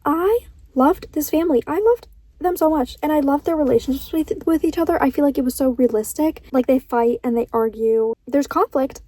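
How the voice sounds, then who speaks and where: A high-voiced young woman talks through her reading in a loose, rambling vlog chat. Her tone is mellow rather than bright, and she drifts between earnest thoughts and quick laughs. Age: young adult. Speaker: book vlogger.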